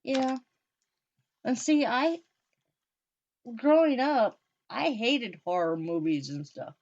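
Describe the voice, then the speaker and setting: A woman's voice: on the high side, animated, takes it slowly, darkish tone. Easygoing woman co-host, muffled recording. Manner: easygoing, storytelling. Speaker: podcast co-host. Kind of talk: casual chat. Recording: dull lo-fi recording.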